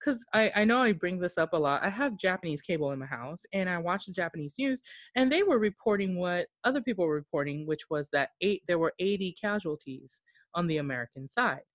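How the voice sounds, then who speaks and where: A podcast host rambles animatedly in a casual chat, laughing often and using lots of "like" fillers. The voice is medium-pitched and fairly quick, with dry, close sound and no room sound.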